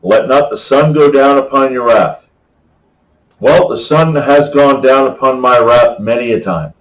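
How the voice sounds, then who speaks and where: A man talks slowly and casually about scripture, rambling in a folksy way and often pausing to ask "okay?". His voice sits back from the microphone in a reverberant room. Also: medium pitch, far from the mic. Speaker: faith vlogger. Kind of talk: casual Bible talk to camera. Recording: echoey room, voice off-mic.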